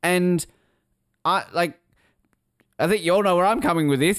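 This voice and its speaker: A man's voice: sits high, normal speed, long pauses, smooth, no room sound, clean studio sound. A man co-hosting a podcast in casual chat, rambling and interrupting himself, laughing often. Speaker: podcast co-host.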